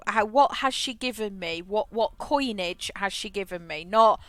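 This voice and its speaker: This woman speaks at a normal pace with lively intonation, a medium pitch and a fairly bright tone, recorded dry. As a livestreamer chatting while she plays, she rambles through a story, restarting often and repeating words.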